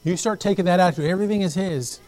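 A man preaching a sermon as pastor, telling stories with lively acted-out voices and repeating phrases as he goes. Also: high-pitched, racing, poor audio. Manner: animated storytelling, acts out quoted voices. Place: church.

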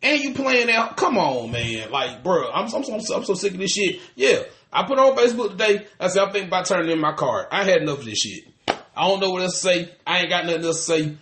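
A man's voice: high-pitched, big pitch swings, fairly quick, a bit bright, echoey room, slight background noise. A man, co-hosting a podcast in casual chat, ranting animatedly and cursing with lots of restarts. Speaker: podcast co-host.

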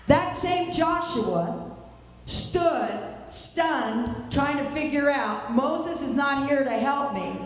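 A woman's voice: high voice, animated, takes it slowly, heavy reverb, big-room sound, low-quality recording. A woman preaching to a congregation in an exhorting, preacherly manner. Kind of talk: sermon.

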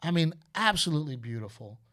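Animated man telling a rowdy story. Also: on the high side, quick pace. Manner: animated, acts out quotes, swears freely. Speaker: host. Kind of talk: casual storytelling chat.

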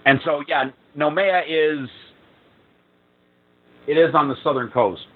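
A man's voice: on the high side, slow pace, breathy edge, phone-quality sound. A man reading out his adventure draft, then patiently explaining background details in casual chat. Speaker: player presenting an adventure draft. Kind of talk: casual chat and story read-aloud.

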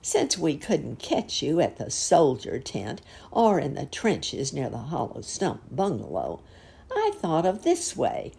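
A woman's voice: low voice, huge pitch swings, slow pace, vocal fry, warm tone, husky, exaggerated voice. A woman doing a gloating mosquito villain. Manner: gloating, taunting. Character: sly buzzing male mosquito villain.

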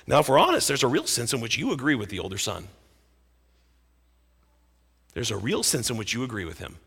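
A male pastor preaching a sermon, telling the story dramatically, with big swings between loud and soft. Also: medium pitch, very animated, fairly quick, gravelly, breathy edge. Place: church sanctuary. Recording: echoey hall reverb.

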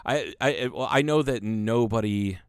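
Guy with a lowish voice, teasing podcast banter, lots of restarts, dry close sound. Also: unhurried, clean tone, no room sound. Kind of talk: casual chat.

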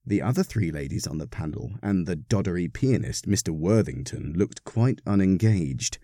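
A man narrating a short story in a measured, expressive read. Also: fairly low pitch, no room sound, clean studio sound. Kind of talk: scripted narration.

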